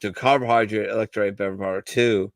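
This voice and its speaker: A man with a low voice hosts a casual podcast, joking and swearing freely as he banters. The sound is dry and close, with no room echo. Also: steady tone, fast talker. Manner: profane, loose, joking. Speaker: podcast host.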